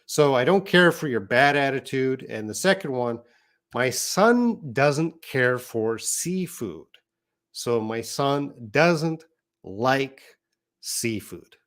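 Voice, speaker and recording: Slow-talking man teaching English live. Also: mid-range voice, expressive, fairly bright tone. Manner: reads viewer comments aloud, explains patiently. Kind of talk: live-streamed English lesson.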